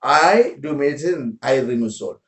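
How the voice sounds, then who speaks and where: This time the spiritual teacher's voice sits at medium pitch, expressive and moderately paced, as he speaks informally to followers. He talks in broken English, repeats words, and asks his listeners questions in an echoing room.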